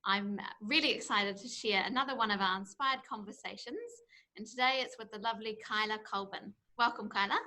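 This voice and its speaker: A woman's voice: mid-range voice, a little fast, pushed and bright. A New woman hosting an interview, introducing her guest and asking questions in a friendly, slightly hesitant way. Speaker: interviewer, partnerships manager.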